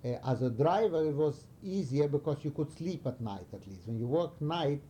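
Older man, from Romania, very dark voice, halting, restarts, animated storytelling, faint background hiss. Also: fairly high pitch. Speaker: interviewee recalling wartime past. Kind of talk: oral history interview.

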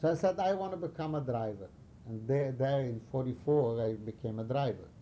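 Older man, dark halting storyteller. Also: mid-range voice, a little hiss or hum. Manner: halting, searching for words, animated storytelling. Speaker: interviewee recalling wartime past. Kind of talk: oral history interview.

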